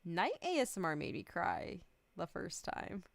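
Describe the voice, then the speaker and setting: A woman's voice: on the low side, sing-song, a little slow, vocal fry, no echo. A young adult woman streamer chatting casually, rambling, giggling often and swearing freely. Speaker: VTuber streamer.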